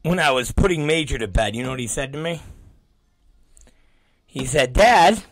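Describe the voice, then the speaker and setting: A man hosting his own show, telling a comedic story in a drawn-out, theatrical way with long pauses. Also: medium pitch, fairly bright tone, no room sound. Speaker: podcast host.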